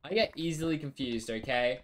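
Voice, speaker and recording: A man's voice: medium pitch, a little fast, fairly bright tone, slight background noise. Playful sweary male gamer. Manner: playful, sweary, theatrically indignant. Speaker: streamer. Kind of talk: casual gameplay commentary.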